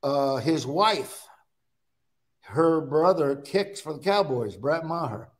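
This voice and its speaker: A man's voice: fairly high pitch, takes it slowly. Chatty Nebraska man telling stories. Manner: storytelling, animated, acts out his own quotes. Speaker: guest. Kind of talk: casual chat.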